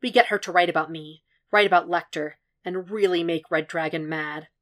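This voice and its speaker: A woman voicing a weary, calm and stubborn male profiler who speaks in a low, dry, level way. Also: normal speed, close to an everyday voice.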